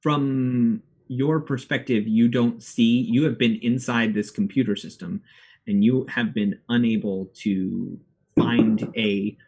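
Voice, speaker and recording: A man running a tabletop game as game master, describing the scene in a measured way. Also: mid-range voice, steady tone, a little mellow, husky.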